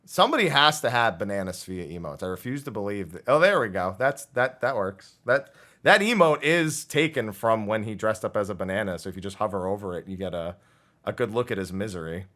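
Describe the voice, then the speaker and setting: Animated, joking man with a Jersey accent. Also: on the low side, a little fast. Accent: New Jersey. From New Jersey. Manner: animated, joking, laughs often. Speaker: podcast host. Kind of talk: casual chat.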